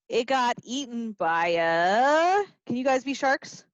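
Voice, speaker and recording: A woman teacher at storytime, reading slowly to little kids with a voice that swoops all over and sits a bit high. She plays it up with gasps and playful asides. The sound is dry and a touch dull, like a lo-fi recording. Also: no room sound. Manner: expressive, gasping, playful with young listeners. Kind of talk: children's storytime reading and singing.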